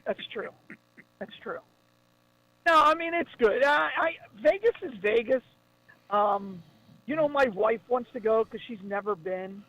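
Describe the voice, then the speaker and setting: A man's voice: extremely high pitch, animated, a little slow, pauses often, no echo, muffled recording. A man who is a guest on a radio talk show, chatting in an easygoing, agreeable way. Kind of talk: casual radio banter.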